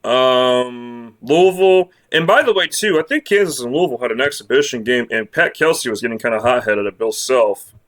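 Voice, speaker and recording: A man's voice: mid-range voice, animated, moderate pace, fairly bright tone. Blunt, sarcastic man ranting about college hoops. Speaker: sports commentator. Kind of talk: casual bracket predictions rant.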